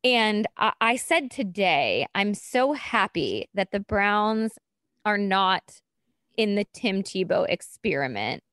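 Lively, chatty woman sports co-host. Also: medium pitch, takes it slowly, dry recording, clean studio sound. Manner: chatty, many fillers, opinionated. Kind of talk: casual chat.

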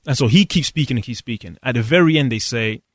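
A man tells a personal story in an interview. He speaks earnestly and reflectively, pausing and restarting as he searches for words. The sound is dry and close. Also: medium pitch, no room sound. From London, England. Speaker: guest.

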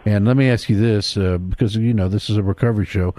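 A man's voice: fairly low pitch, mellow. A man hosting a recovery show, interviewing a guest and often praising God. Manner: halting, restarts questions, praises God.

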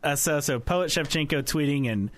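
A man co-hosting a podcast in casual chat, relaxed and chatty. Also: a little high, normal speed, no room sound. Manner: relaxed, chatty, laughs often. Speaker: podcast co-host.

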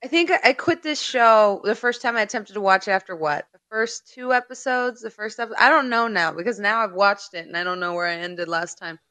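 A woman's voice: medium pitch, brisk, hardly any pauses, pushed and bright, dry recording. A woman co-hosting a podcast in casual chat, blunt and exasperated, swearing freely. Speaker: podcast co-host.

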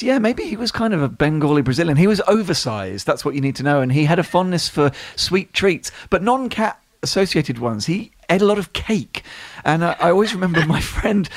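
A man, a correspondent telling a playful anecdote in casual panel chat, with halting restarts. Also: a little high, very animated. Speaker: correspondent in London.

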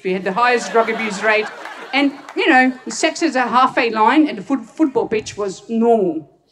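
A Hungarian woman who works as a doctor tells personal stories to an audience, laughing often. Her voice is fairly high in pitch and sounds far from the mic.

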